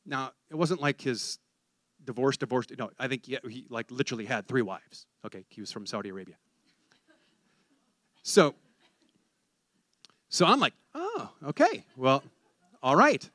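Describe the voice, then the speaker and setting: A man's voice: medium pitch, animated, moderate pace, pauses often, fairly bright tone, no echo. A man preaching a sermon, telling a story and acting out the conversation, then rising to fervent exhortation.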